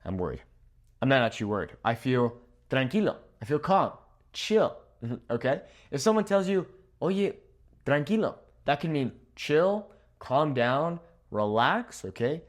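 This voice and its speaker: A man's voice: medium pitch, very animated, moderate pace. A young man teaching a Spanish vocabulary lesson at a whiteboard, upbeat and playful, with a laugh at his own jokes. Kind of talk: video language lesson. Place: room with a whiteboard.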